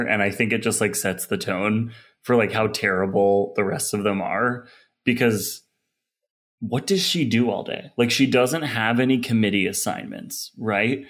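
A man's voice: medium pitch, fairly bright tone. A man in a casual political podcast chat, sarcastic and rambling with lots of fillers. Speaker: podcast panelist.

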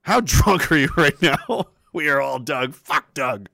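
A man's voice: on the high side, expressive, unhurried, gravelly, bright, forceful tone, no room sound. A man hosting a livestream, chatting casually and sarcastically while reading out chat messages, laughing often and swearing freely.

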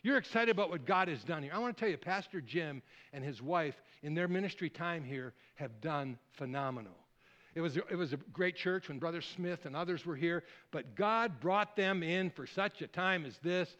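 A man preaching a sermon, rambling and lively, calling out questions to the congregation. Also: on the high side, moderate pace, highs cut off. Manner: lively, rambling, audience call-and-response. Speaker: guest preacher.

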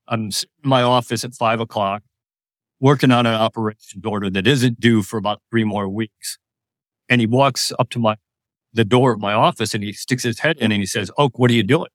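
A man's voice: on the low side, steady tone, brisk, a bit bright, no echo, clean studio sound. A man in his sixties, a retired army officer, telling leadership stories as a guest in an interview in a plainspoken, firm way. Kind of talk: interview storytelling.

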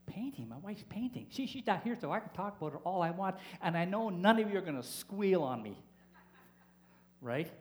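A man's voice: high-pitched, big pitch swings, moderate pace. A man preaching to a church congregation in a playful way, joking with the people in the pews. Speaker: pastor. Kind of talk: sermon. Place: church service.

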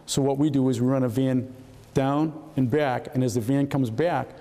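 A man's voice: mid-range voice, normal speed. An older man, telling anecdotes from his career to an audience and acting out the voices of people in them. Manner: animated, acts out voices of people in his story. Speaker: retired FBI agent telling stories. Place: hall at a historical society talk. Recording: long reverb of a hall.

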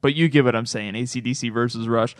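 A man hosting a casual podcast, laughing often and tossing in quick, wry asides. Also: mid-range voice, steady tone, no echo, studio quality. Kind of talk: casual chat.

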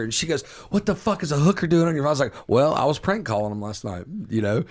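A man telling a profane story on a casual podcast, animated and loose. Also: a little high, quick pace, hardly any pauses. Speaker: podcast host.

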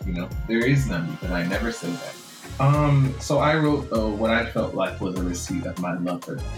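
A man's voice: low-pitched, animated, moderate pace. Frank man with a Jamaican accent. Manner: frank, reflective, laughs easily. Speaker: author guest. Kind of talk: interview conversation. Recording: roomy room with faint music.

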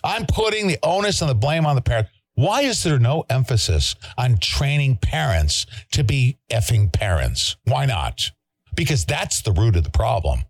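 A man's voice: mid-range voice, sing-song, normal speed, dry recording, clean studio sound. A man hosting a talk show, delivering heated, preachy commentary that repeats itself and includes mild swearing. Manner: emphatic, preachy, repeats himself and swears mildly. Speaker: show host.

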